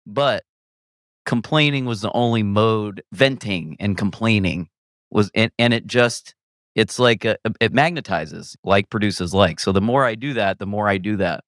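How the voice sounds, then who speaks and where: Comedian guy on a podcast, lowish voice, dry close sound, rambly and reflective, laughs a lot. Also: unhurried, no room sound. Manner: reflective and rambling, with frequent restarts and lively self-quotes; laughs often. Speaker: guest comedian. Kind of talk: candid casual conversation.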